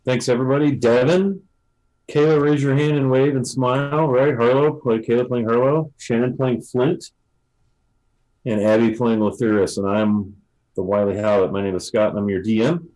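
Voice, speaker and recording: A man running a tabletop role-playing game as dungeon master, narrating in a relaxed, halting way with many fillers. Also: medium pitch, rough recording.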